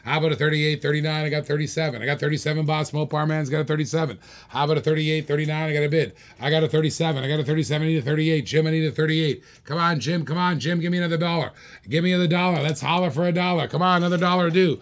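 A man hosting a live-stream auction, calling bids in rapid repeated phrases and egging bidders on. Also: a little high, steady tone. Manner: rapid repetitive bid calling, hyping bidders. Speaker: auctioneer host.

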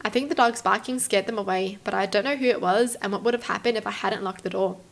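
A young Australian woman hosts, reading stories aloud and then reacting to them with lively exclamations. She talks fast in a mid-range, creaky voice.

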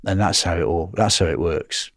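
A middle-aged man from England, appearing as a guest in a casual interview, talks at a normal speed in a voice that sits low, in a dry, clean studio recording. He is animated, relays dialogue as he tells his stories, and keeps tacking "right?" onto his sentences.

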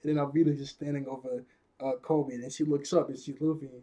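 A man's voice: medium pitch, flat delivery, fast, warm tone. A young man casually recapping an anime episode, rambling, laughing often and restarting his sentences. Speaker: anime reviewer.

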